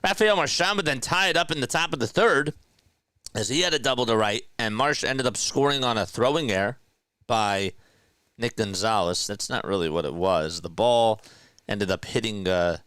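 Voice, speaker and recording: A man doing casual live baseball play-by-play as a fan streamer, chatting and joking with viewers between pitches. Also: normal speed, fairly bright tone, clear, resonant tone, dry recording, clean studio sound. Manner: jokey, laughs at himself.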